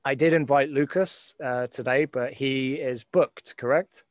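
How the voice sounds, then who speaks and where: A man hosts a casual live chat with friends, his voice sitting at an ordinary middle pitch. He rambles and restarts, and the sound is dry and close. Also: steady tone, unhurried, no echo. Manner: rambling, many fillers and restarts. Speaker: host.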